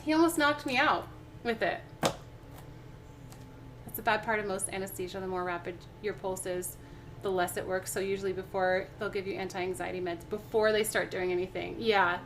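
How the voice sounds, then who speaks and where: While hosting a cooking livestream, a young woman speaks at normal speed in a mid-range, fairly bright voice with fairly even intonation. Her chatty, rambling talk is full of fillers and restarts, with slight background noise and faint music behind her.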